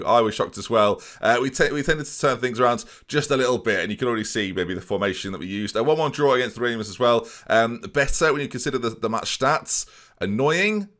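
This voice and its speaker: A man's voice: mid-range voice, fairly bright tone. A young man giving casual, self-mocking commentary on a football management game, often talking to his viewers. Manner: chatty, self-mocking, keeps addressing viewers. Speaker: gaming YouTuber. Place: home room, alarm outside.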